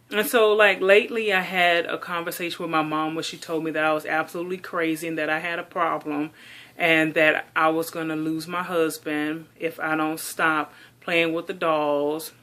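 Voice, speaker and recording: A doll collector vents in a casual vlog monologue, chatty and exasperated, saying "like" a lot. Her voice is on the low side and a bit bright.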